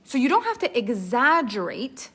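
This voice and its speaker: A woman storytelling coach teaching a live online workshop in an animated, expressive way, laughing often. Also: on the high side, moderate pace, husky.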